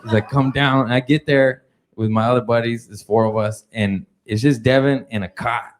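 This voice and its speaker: A man's voice: medium pitch, fairly even intonation, moderate pace. A man telling a crude, profane story stand-up style, laughing as he talks. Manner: laughing through his own story, loose and crude. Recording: noisy recording with clicks.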